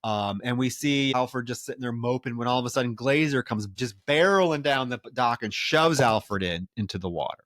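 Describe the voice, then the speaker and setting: A man co-hosts a film podcast in casual chat, retelling scenes with loose, animated energy. His pitch is in the everyday middle range and he swears freely. The sound is dry and close to the mic. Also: moderate pace, few pauses, no echo. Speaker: podcast co-host.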